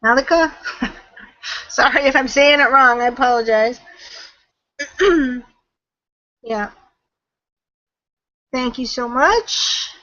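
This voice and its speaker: A woman's voice: high voice, drawn-out words, long pauses, sharp tone, lo-fi sound. A woman guest answering questions in a webinar chat, chatty and laughing often, often trailing off mid-sentence over a video call. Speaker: guest marketing trainer.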